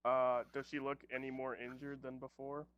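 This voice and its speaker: A man's voice: medium pitch, monotone, normal speed, clear, resonant tone, highs cut off. A man playing a tabletop game over voice chat, easygoing and jokey, laughing often. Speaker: player.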